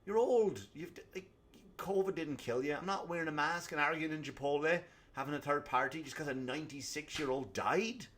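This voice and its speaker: A man's voice: fairly high pitch, normal speed, a bit bright, slight background noise. Profane ranting male comedian. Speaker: comedian podcast host. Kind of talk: solo comedic rant.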